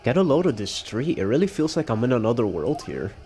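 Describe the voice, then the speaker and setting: A man voicing a calm adult male lawyer on a trip abroad, reading his lines in a dry, measured way. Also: medium pitch, a little hiss or hum, natural voice. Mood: wondering.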